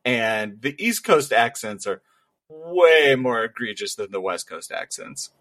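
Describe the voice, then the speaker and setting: A man's voice: medium pitch, sing-song, measured pace, a bit bright. A man co-hosting a casual podcast chat, making dry, teasing interjections. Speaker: podcast co-host.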